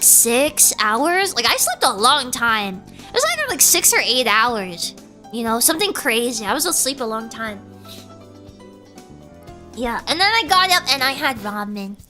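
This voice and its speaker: A woman's voice: high-pitched, normal speed, faint music behind. A woman streamer chatting casually and rambling, cutting herself off mid-sentence and reading chat messages aloud. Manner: animated, rambling, self-interrupting, reads chat aloud.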